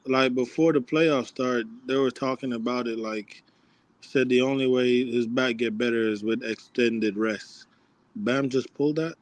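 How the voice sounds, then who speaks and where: A man's voice: mid-range voice, fairly even intonation, measured pace, no room sound. Man, laid-back, slangy, dismissive, casual sports chat. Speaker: co-host of a sports watchalong.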